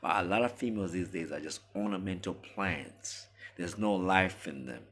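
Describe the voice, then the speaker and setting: Male commentator, low pitch, preachy and emphatic, talking straight to the viewer. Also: normal speed, fairly bright tone. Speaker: relationship commentator. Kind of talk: monologue to camera.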